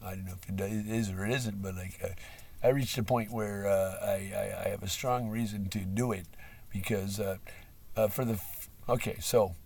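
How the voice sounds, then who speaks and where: Male, rambling profane monologue, husky voice, heard from a distance off the mic. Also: fairly low pitch, steady tone, moderate pace. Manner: rambling, profane, with frequent fillers and laughs; swings between loud outbursts and mumbling. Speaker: livestream host.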